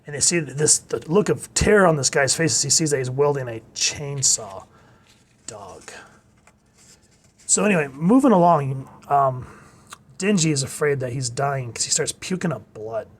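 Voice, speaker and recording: A man giving a casual video review of a comic, retelling it excitedly with gasps and exclamations. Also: medium pitch, moderate pace, breathy edge. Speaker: manga reviewer.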